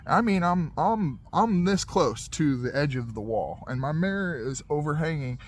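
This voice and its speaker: A man telling a funny life story in a casual, animated way, acting out moments and sound effects as he goes. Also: on the high side, moderate pace, slight background noise.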